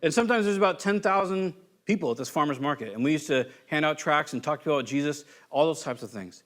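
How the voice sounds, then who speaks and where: A man's voice: on the high side, quick pace. A man from California preaching a sermon as pastor, telling stories in a loose, conversational way and acting out quotes. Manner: conversational, animated storytelling with voiced quotes.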